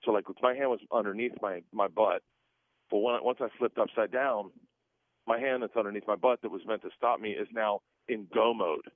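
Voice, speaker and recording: A guest comedian in his forties calls into a radio interview by phone, his lowish voice fairly quick over a tinny, dry line with no echo. He tells an animated story set on a plane and then in an airplane lavatory, laughing through it as he goes.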